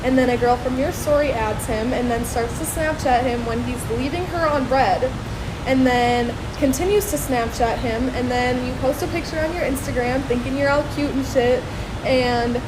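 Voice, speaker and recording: A woman's voice: sits high, normal speed, noisy background. A woman telling a storytime in a listing, exasperated way. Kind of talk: put-a-finger-down storytime.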